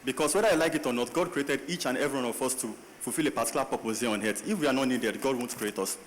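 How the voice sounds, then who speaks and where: A man's voice: medium pitch, racing, slight background noise. A man on a panel speaking earnestly in a preaching style and quoting scripture. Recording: long hall reverb, faint ambience.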